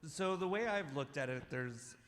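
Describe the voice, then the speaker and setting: A man's voice: fairly high pitch, expressive, moderate pace, a bit bright, a little hiss or hum. A man in the audience asking a panel question in a rambling, hesitant way. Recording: echoey hall.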